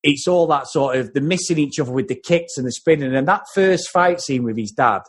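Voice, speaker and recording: A man's voice: medium pitch, brisk, breathy edge. A man co-hosting a podcast, animatedly mocking an old film's scenes and swearing freely. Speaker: podcast co-host. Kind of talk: casual film review chat.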